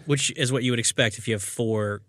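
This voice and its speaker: A man's voice: medium pitch, a bit bright. Rambling man co-hosting a movie podcast. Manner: loose, rambling, quick to laugh. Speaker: podcast co-host. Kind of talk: casual movie-review chat.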